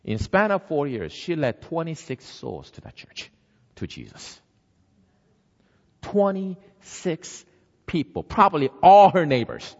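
Animated male preacher telling a story. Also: fairly high pitch, slow pace. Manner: lively storytelling, acts out the characters. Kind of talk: storytelling sermon. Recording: dull sound, long hall reverb.

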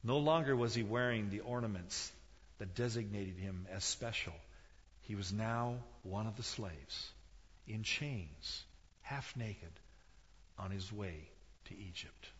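A man's voice: on the low side, slow. Man preaching in a reverberant hall. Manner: dramatic, acts out quoted voices, rises and drops in intensity. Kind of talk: sermon storytelling. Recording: dull sound in a reverberant hall.

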